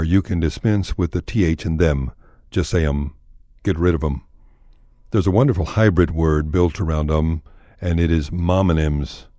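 A man's voice: deep voice, warm tone, no echo, studio quality. A man with a Texan accent telling folksy, wry stories as the host of a radio segment. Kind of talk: scripted radio narration.

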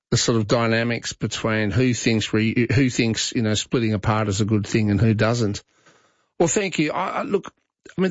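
Chatty talkback radio host. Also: male voice, mid-range voice, no echo, lo-fi sound. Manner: chatty, stammering restarts.

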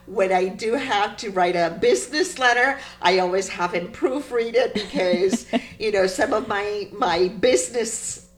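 A woman poet being interviewed, telling stories in an animated, emphatic way. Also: medium pitch, unhurried. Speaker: poet guest. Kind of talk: interview conversation.

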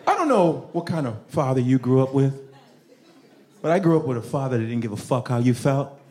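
A man doing stand-up crowd work at a comedy club, loud and profane, laughing as he talks. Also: medium pitch, expressive, a little fast. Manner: loud, profane, laughing, acts out parents' voices.

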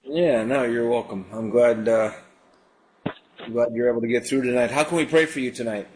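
A man's voice: mid-range voice, normal speed, slight background noise. A man hosting a live call-in radio ministry, praying for callers and talking casually with plenty of fillers. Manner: prays and preaches in a relaxed, conversational way with frequent fillers. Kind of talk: live call-in prayer show.

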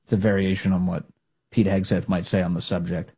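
A man hosting a talk show, giving opinionated political commentary in an animated, sarcastic way. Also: low voice, fairly quick, gravelly, breathy edge. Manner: animated, sarcastic, mocking others in put-on voices.

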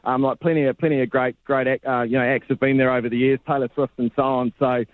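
A man's voice: mid-range voice, little pitch movement, quick pace, no room sound, narrow, tinny audio. A man, a sports reporter chatting casually on radio in a laid-back, rambling way. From New Zealand.

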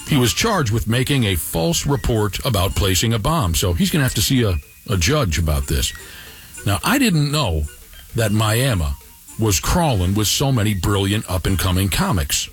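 A man's voice: on the low side, sing-song, moderate pace, soft background music. A man hosting a radio show, telling an odd news story with sarcastic, mock-impressed banter.

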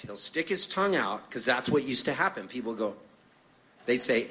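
A middle-aged man from Canada chats between songs on a stage. His storytelling is loose and joking, and he keeps slipping into the voices of the people he talks about. His voice sits at an ordinary middle pitch. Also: lively intonation, fairly quick, sharp tone. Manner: chatty, jokey, acts out voices in his stories. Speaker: singer-songwriter telling stories on stage.

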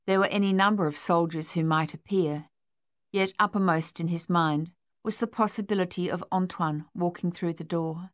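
A woman narrating a novel in a measured, steady way. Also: lowish voice, dry recording, studio quality. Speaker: audiobook narrator. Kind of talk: scripted narration.

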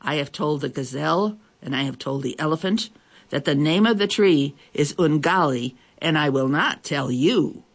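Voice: medium pitch, lively intonation, normal speed. A storyteller voicing a proud, grumpy male lion king who growls his words. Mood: stern. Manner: growling, stern. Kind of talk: storybook reading.

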